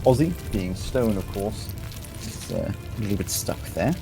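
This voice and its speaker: Guy gm narrating a tabletop game, lively and descriptive, quiet fantasy music underneath. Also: lowish voice, moderate pace, gravelly. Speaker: game master. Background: soft fantasy music.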